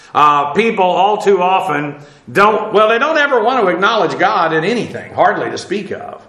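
A man teaching the Bible verse by verse, halting with many "uh"s as he spells out Hebrew words, then pressing his points emphatically. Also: fairly high pitch, sharp tone, echoey room. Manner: emphatic, preacherly warnings.

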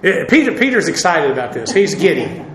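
A man with a high-pitched voice delivers a sermon in a loose, conversational manner, peppered with "uh" and off-hand asides. The room around him is echoey. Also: big pitch swings, fairly quick, a bit bright. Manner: conversational, folksy, with frequent "uh" and asides. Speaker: preacher.

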